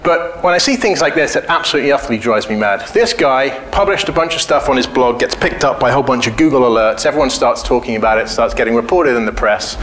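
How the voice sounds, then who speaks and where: A man's voice: medium pitch, expressive, fast, few pauses, a bit bright, a little hiss or hum. A man giving a casual conference talk, informal and joking, blunt and often profane. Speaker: conference speaker. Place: conference hall. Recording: echoey hall with faint ambience.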